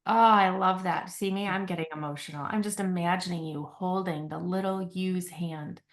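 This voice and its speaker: A woman's voice: fairly low pitch, steady tone, normal speed. A woman guest on a podcast who talks about healing in a reflective, earnest way, often checking in with a questioning "right?". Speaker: podcast guest, company CEO. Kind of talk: conversational podcast interview.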